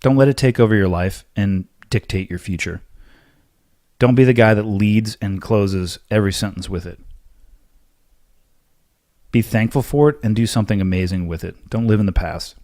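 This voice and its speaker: Blunt low-voiced man, dry studio sound. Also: normal speed, pauses often, a little mellow, no echo. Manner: blunt, emphatic, occasionally profane. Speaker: podcast host answering listener questions. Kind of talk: solo Q&A monologue.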